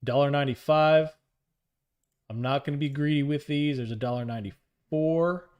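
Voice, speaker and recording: A man's voice: a little high, normal speed, darkish tone, clean tone. Upbeat man streaming live trades. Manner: talks to the market and reads chat aloud, joking and upbeat. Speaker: live options trading streamer. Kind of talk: live trading stream commentary.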